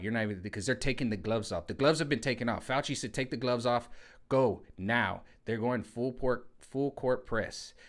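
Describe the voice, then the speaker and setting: Slangy rambling man ranting at home. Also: lowish voice. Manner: rambling, slangy, repeats "you know what I'm saying". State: sweating in the heat. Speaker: vlogger. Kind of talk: casual political rant. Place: hot room at home.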